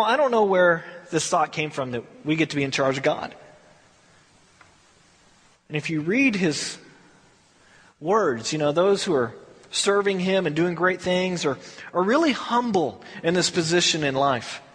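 A man preaching a sermon as pastor, conversational and animated, with acted asides. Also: on the high side, measured pace, long pauses, slightly rough. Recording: long hall reverb.

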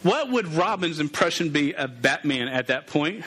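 A man's voice: a little high, big pitch swings, normal speed, bright, forceful tone, husky. A man giving a casual, playful sermon as a youth pastor, calling out to his group. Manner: playful, interactive, calls out to the group.

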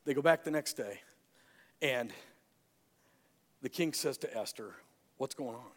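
Animated male preacher in a reverberant hall. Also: medium pitch, a little slow. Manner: animated storyteller, acts out voices. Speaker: pastor. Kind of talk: sermon.

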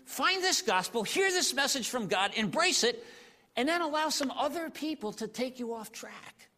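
A man preaching a sermon in an animated, conversational way, often saying "you know.". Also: extremely high pitch, moderate pace. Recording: long hall reverb.

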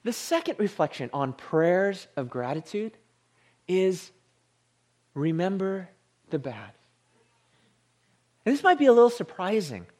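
A man preaching a sermon, animated, sinking into a hushed low voice on the holy words. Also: measured pace, pauses often. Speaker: pastor.

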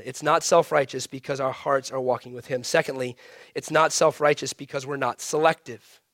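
A male pastor preaching a sermon, emphatic, swinging between raised emphasis and hushed, almost whispered lines. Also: fairly high pitch, no echo, clean studio sound.

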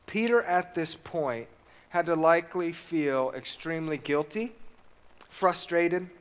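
A man's voice: on the high side, unhurried. A man preaching a sermon, reading scripture aloud and putting questions to the congregation.

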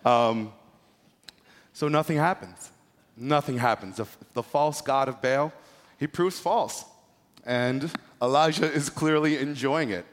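A man's voice: medium pitch, slow. A male pastor preaching a sermon in a casual, joking, slangy way. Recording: echoey hall with long reverb.

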